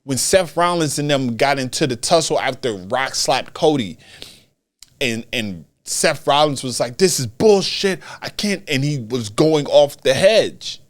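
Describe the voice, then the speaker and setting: A man hosting a solo wrestling commentary podcast, talking in an animated way and repeating phrases for emphasis. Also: medium pitch, a little slow. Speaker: podcast host.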